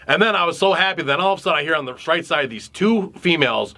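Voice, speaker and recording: A man co-hosts a casual podcast and tells his stories in an animated, profane way. His voice is bright and forceful, with a tense edge. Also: fairly high pitch, fast talker, hardly any pauses. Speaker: podcast co-host. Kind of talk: casual chat.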